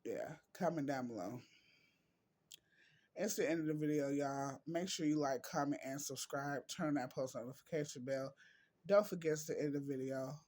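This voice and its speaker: A man vlogging in an emotional, heartfelt way, reading quotes and talking slowly with drawn-out words. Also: on the high side, a little mellow. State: emotional, near tears.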